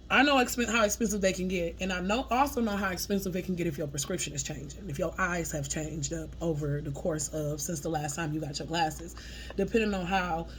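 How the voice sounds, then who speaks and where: A woman's voice: lowish voice, a little hiss or hum. Casual laughing woman medium reading messages. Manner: informal, frequent laughter, swears casually, talks through her notes. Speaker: spiritual medium sharing channeled messages.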